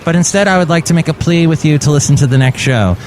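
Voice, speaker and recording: A man's voice: fairly high pitch, fast, a little mellow, slight background noise. A man hosting a comedy podcast, rambling through sarcastic, goofy asides. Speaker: podcast host.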